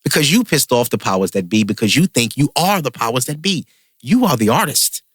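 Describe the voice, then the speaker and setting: A man's voice: mid-range voice, sing-song, brisk, fairly bright tone, breathy edge, no room sound, studio quality. A man hosting a podcast, a comedian ranting in heated, profane casual chat.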